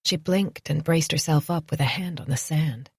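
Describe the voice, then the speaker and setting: A woman narrates a romance audiobook in a soft, intimate, measured way. Her voice sits very low and sounds husky. The recording is close and dry. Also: dry recording.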